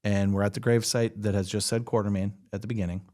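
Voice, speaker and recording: A man hosting a podcast, chatting casually about a film, animated and quick to laugh. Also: on the low side. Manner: animated, laughs often, jokey asides. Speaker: podcast host. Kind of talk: casual chat reviewing a film.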